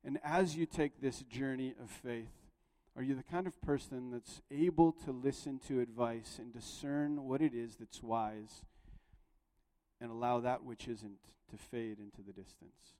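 A male pastor delivers a sermon in a relaxed, storytelling manner that swells into emphatic moments. His voice sits at an ordinary middle pitch. It rings out with the long reverb of a large church hall. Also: measured pace. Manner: conversational storytelling with rising emphasis.

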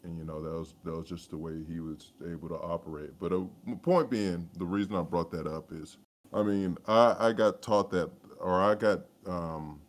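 A man's voice: low voice, fairly even intonation, moderate pace. A man co-hosting a casual podcast chat, rambling with many fillers and restarts. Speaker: podcast co-host.

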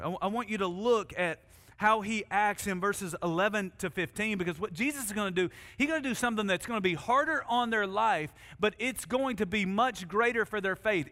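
Emphatic high-voiced pastor in a reverberant hall. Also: male voice, pushed and bright. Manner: earnest, emphatic, slows down to stress key words. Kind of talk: sermon.

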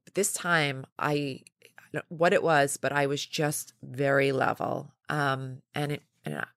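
Brief: woman in her 40s, low voice, lively storyteller, close dry mic. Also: vocal fry, dry recording. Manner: lively storytelling with laughs and quick restarts. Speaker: podcast guest, company founder. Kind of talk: casual interview chat.

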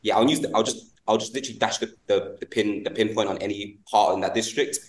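A man's voice: fairly low pitch, fast, echoey room. A British man in his twenties chatting on a podcast, rambling with lots of fillers and laughing often. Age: 20s. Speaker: guest podcast host. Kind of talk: casual podcast chat.

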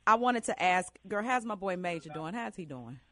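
A woman's voice: on the low side, expressive, moderate pace, fairly bright tone. A woman radio host from Chicago, interviewing a guest in an enthusiastic, chatty and friendly way. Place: radio studio.

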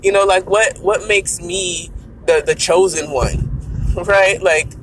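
Raspy-voiced woman podcasting from her car. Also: lowish voice, fairly even intonation, slow, low-quality recording. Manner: chatty, addresses listeners directly as y'all. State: raspy early-morning voice. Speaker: podcast host. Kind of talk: casual solo podcast talk. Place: in her car while driving. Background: faint road and blinker noise.

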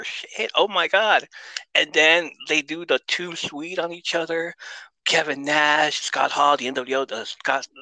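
A man tells a rambling, excitable story as a podcast guest, swearing freely and restarting his sentences. His voice is very bright and sharp. The recording is close and dry. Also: on the high side, no echo, low-quality recording. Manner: excitable, profane, with frequent restarts. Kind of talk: casual storytelling.

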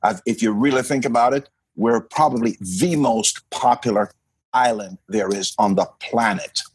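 Husky-voiced man from Jamaica, emphatic. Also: mid-range voice, normal speed, no echo. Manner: emphatic, repeats and restarts words. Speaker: podcast co-host. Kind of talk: casual chat.

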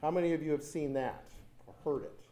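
A man's voice: on the high side, a little fast, warm tone, slight background noise. A man preaching a sermon as pastor, telling stories with animation and repeating lines for emphasis.

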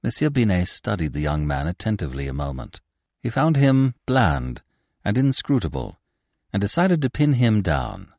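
A man narrating a classic novel in an expressive, theatrical style. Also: deep voice, moderate pace, dry recording, clean studio sound. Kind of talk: audiobook narration.

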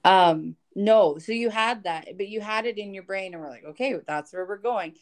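A woman's voice: medium pitch, normal speed. A woman telling a travel story to her mother in casual chat, quoting others and laughing often. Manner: animated, quotes others in acted voices, laughs often. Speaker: co-host, daughter.

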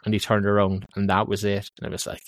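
A podcast co-host with a Cork Irish accent and a lowish voice talks fast, spinning a long, animated anecdote in casual chat and stuffing it with "like, you know." The studio sound is clean, with no room echo.

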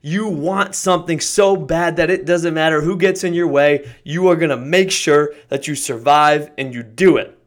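A male podcast host delivers an emphatic motivational monologue. His voice sits a little high. He pushes hard on key words and climbs into excited shouts.

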